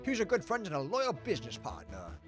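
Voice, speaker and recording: A man's voice: fairly high pitch, huge pitch swings, fast, faint music behind. A man voicing a smug, wealthy male lion baron with a put-on French accent and a pompous, gracious manner.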